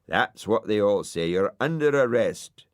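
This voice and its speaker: A man voicing a grumpy, bossy male dog acting as a parking warden, high and indignant. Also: lively intonation, measured pace, no echo, studio quality. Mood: officious. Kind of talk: audiobook character voice.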